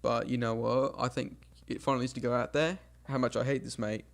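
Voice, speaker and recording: A young man streaming games, casually telling an embarrassing childhood story, lively and laughing at himself as he acts out what people said. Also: mid-range voice, a little fast, gravelly. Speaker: game streamer.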